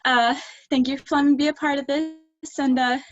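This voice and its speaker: A woman from Staten Island reading her poems at a live online poetry event, halting and full of fillers between pieces. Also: high voice, fairly even intonation, muffled recording. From Staten Island, New York. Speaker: poet reading her work. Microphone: video call.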